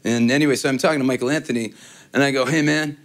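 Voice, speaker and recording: A man's voice: medium pitch, fairly even intonation, rapid-fire. A man giving a casual guitar demo, telling rambling, joking stories between playing. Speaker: guitar demonstrator. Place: guitar shop.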